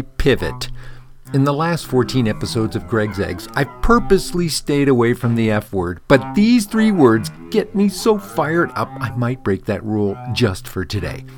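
A man's voice: mid-range voice, a little mellow. A man hosting his own show, delivering a blunt, profane, mock-angry rant. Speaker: podcast host.

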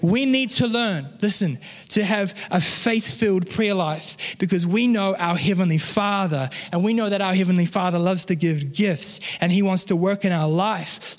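High-voiced man preaching in a reverberant hall. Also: normal speed. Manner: earnest, conversational preaching with personal stories. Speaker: pastor. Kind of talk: sermon.

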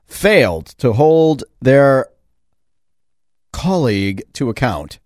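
A man's voice: medium pitch, very animated, slow pace, a little mellow, no echo, clean studio sound. A man who sits on a school board, giving a sarcastic opinion monologue full of rhetorical questions. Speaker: school board member and commentator.

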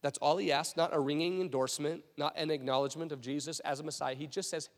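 A man preaching a sermon as a pastor, in a conversational, animated storytelling way with frequent restarts. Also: on the high side, quick pace, hardly any pauses, big-room sound.

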